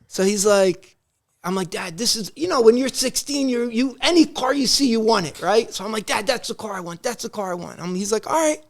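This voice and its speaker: A man's voice: high-pitched, a little fast. A man in casual podcast chat, telling rambling family stories with many restarts and acting out the quoted dialogue. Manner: animated, acts out quoted dialogue. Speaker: podcast guest. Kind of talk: casual storytelling.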